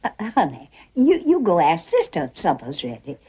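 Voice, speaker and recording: A woman's voice: fairly low pitch, huge pitch swings, normal speed, darkish tone, exaggerated voice. An actress playing a faded, chattering Southern belle mother, middle-aged, with a Southern accent and a gushing, theatrical way of talking. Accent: American Southern. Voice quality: gushing, theatrical, breathy laughs. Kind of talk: stage drama acting.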